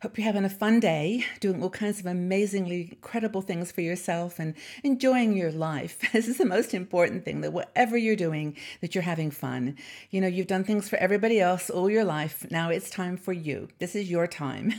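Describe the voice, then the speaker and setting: A woman's voice: lowish voice, normal speed, a little mellow. A British woman in her sixties hosting a casual vlog, chatty and rambling, laughing often between fillers. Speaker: channel host.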